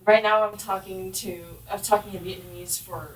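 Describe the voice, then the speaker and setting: Soft-spoken, polite woman. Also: mid-range voice, steady tone, moderate pace, echoey room, rough recording.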